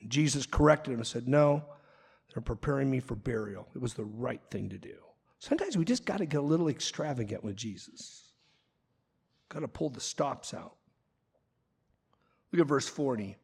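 A man preaching a sermon as pastor, animated and quick with asides and acted-out quotes. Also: mid-range voice, creaky, slightly rough. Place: church sanctuary. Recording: long reverb of a large hall.

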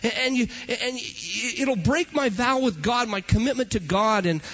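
A man's voice: very high-pitched, unhurried, a bit bright, voice pushed up, full character voice. A man doing Samson, stammering and muddled. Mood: fumbling. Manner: stammering, fumbling. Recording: dull lo-fi recording.

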